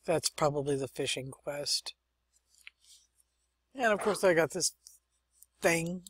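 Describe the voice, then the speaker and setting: A woman's voice: low-pitched, takes it slowly, pauses often, breathy edge, no room sound. A young woman hosting a let's-play, chatting and thinking aloud as she plays, with muttered asides. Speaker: gaming channel host. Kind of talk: let's-play game commentary.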